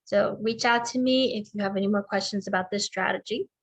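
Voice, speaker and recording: A middle-aged woman speech therapist giving a slow, deliberate instructional talk, demonstrating intonation as she explains. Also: medium pitch, steady tone, gravelly, poor audio.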